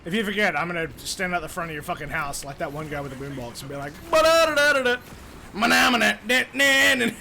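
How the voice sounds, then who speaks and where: A man's voice: a little high, very fast, hardly any pauses, a little hiss or hum. A young man chatting casually with his live-stream viewers while gaming, joking and swearing freely. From Australia. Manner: animated, joking, swears freely, talks to chat.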